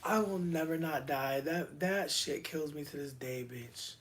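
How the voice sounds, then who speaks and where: A livestreamer chatting casually with viewers in a rambling, profane way, with quick asides, bursts of excitement and lots of slang. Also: medium pitch.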